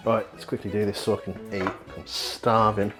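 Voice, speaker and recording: A man's voice: lowish voice, flat delivery, moderate pace, low-quality recording. A young man, chatting casually and rambling as he cooks in his home kitchen, swearing now and then. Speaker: vlogger. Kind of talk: casual cooking vlog. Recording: music playing behind. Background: frying sizzle and music.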